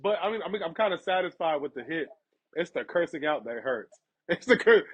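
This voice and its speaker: A man's voice: fairly quick, breathy edge. A young man hosting a casual chat, telling personal stories with laughter and acting out the people in them. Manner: animated, laughs through stories, acts out quotes in a higher voice. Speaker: podcast host. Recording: dull lo-fi sound.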